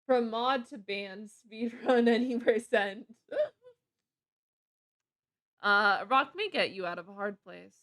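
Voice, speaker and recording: A woman's voice: a little high, normal speed, few pauses, fairly bright tone, dry recording. A woman streaming a card game live, chatting casually and giggling often as she rambles. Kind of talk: casual live gameplay commentary.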